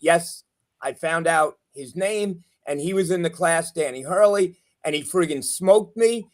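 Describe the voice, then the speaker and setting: A high-voiced man hosts a casual sports chat over a video call. He teases his co-hosts and jokes about himself in a chatty, loose way. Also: measured pace. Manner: teasing, chatty, self-deprecating. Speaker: show host.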